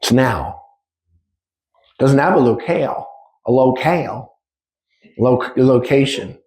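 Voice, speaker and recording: A spiritual teacher in his fifties gives an informal talk to a live audience, his mid-range voice slow, slightly mellow, and lively in intonation. He speaks conversationally and acts out little dialogues, shifting his speed as he goes. The room has an echo to it.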